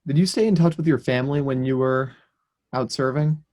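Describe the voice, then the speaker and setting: A man interviewing a veteran, asking questions haltingly with restarts. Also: mid-range voice, dark tone, lo-fi sound.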